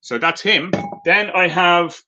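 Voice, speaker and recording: This Irish man takes it slowly in a high-pitched, pushed, bright voice while demonstrating his handmade crafts live. The lo-fi stream carries his chatty, filler-heavy storytelling and light-hearted anecdotes.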